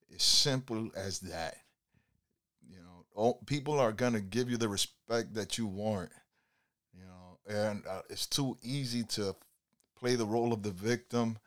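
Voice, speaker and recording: Low-ish and a touch bright, this man's voice belongs to a driver telling a passenger about his time behind the wheel. His life advice comes out casual and preachy, laid-back, full of "you know"s.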